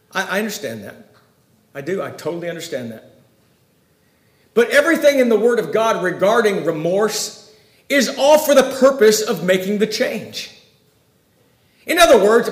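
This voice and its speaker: A male preacher delivers a sermon in a high, bright register, alternating emphatic loud bursts with quiet asides. His voice echoes through a roomy space.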